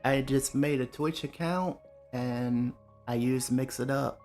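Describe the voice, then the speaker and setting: Man, game streamer, relaxed chatty talk, gravelly, faint music behind. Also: medium pitch, slow pace. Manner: relaxed, chatty, answers chat by name. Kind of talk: casual live-stream chat while gaming.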